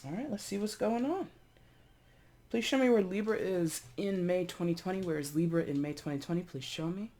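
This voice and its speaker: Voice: medium pitch, fairly quick, a little mellow. A tarot reader giving a casual reading to camera, chatty and rambling, often repeating and correcting themselves, with giggly asides.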